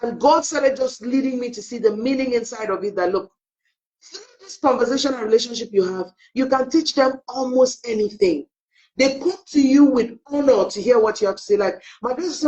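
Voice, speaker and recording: A middle-aged parenting coach tells family stories on a live online talk, her slightly high voice moving fairly quickly. She's an animated storyteller who acts out the quoted dialogue, and the audio is dull and lo-fi.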